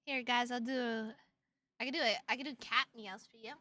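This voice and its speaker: A woman's voice: a little high, steady tone, normal speed, pushed and bright. A young woman streamer chatting playfully with her audience, dramatic and full of swearing. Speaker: VTuber streamer. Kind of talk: casual live-stream chat.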